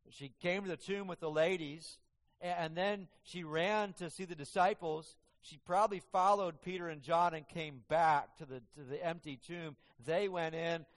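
A man preaching a sermon, earnest and halting, often restarting his words, heard with long hall reverb in a church. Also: mid-range voice.

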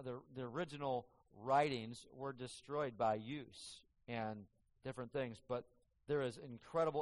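A man preaching a sermon, earnest and halting, often restarting his words, heard with long hall reverb in a church. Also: mid-range voice.

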